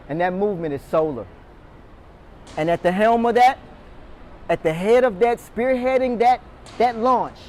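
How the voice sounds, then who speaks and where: A man whose voice sits high, with slight background noise, addresses door-to-door salespeople live in a meeting room. As an energetic motivational speaker, he quizzes the crowd and calls on people for answers.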